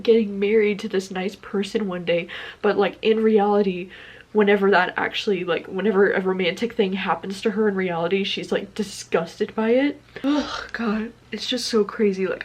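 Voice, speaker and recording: A woman's voice: medium pitch, a little mellow, breathy edge, rough recording. Chatty young woman book vlogger. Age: 20s. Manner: chatty, many "like" fillers, candid and emotional. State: tearful. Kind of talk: casual vlog chat.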